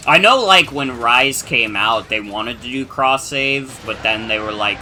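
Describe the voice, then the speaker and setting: A man's voice: medium pitch, measured pace, few pauses, pushed and bright, a little hiss or hum. A man chatting casually and upbeat while playing a co-op game with a friend, swearing offhand. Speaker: co-op gaming friend. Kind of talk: casual gameplay chat.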